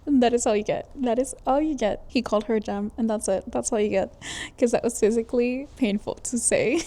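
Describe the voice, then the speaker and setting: A woman book vlogger talking casually as she reads, exclaiming, swearing and rambling out loud at each turn of the story. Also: fairly high pitch, a little fast. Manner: emotional, exclaiming and swearing at plot twists; rambling, thinks aloud with many fillers. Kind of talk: casual reading reaction vlog.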